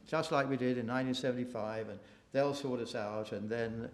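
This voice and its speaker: A man speaking at a policy briefing event, halting often with restarts and fillers, mocking opposing views. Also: mid-range voice, steady tone. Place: event room. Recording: echoey room.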